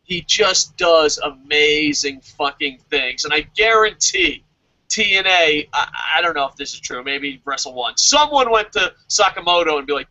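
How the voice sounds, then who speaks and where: A man co-hosting a wrestling podcast, talking excitedly in casual chat, swearing constantly and laughing often. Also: on the high side, moderate pace, highs cut off. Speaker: podcast co-host reviewing a wrestling show. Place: lives in Japan.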